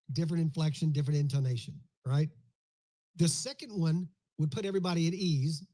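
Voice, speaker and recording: Man, co-host, mellow voice, slightly high, casual talk, explains with examples. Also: poor audio. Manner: conversational, explains with examples and acts out his own lines. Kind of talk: casual live audio-space discussion.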